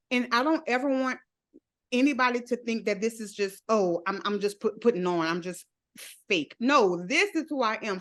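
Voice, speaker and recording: A woman's voice: on the high side, fairly bright tone. A woman guest in a podcast interview, speaking openly and laughing often as she tells her own story. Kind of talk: candid interview.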